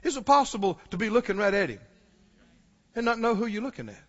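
A man's voice: sits high, very animated, quick pace. A man preaching a sermon, urgently pressing his congregation with questions. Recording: dull recording, long hall reverb.

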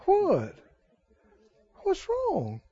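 Coaxing queen, sweet-talking and high, a man doing the voice, dull lo-fi recording. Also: wildly swooping pitch, extremely slow, mellow, a faint crowd, exaggerated voice. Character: coaxing, doting queen, adult woman.

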